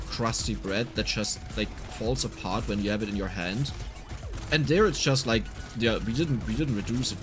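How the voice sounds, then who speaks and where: A man with a German accent chatting casually on a gaming livestream, talkative and quick to get heated. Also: medium pitch. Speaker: streamer.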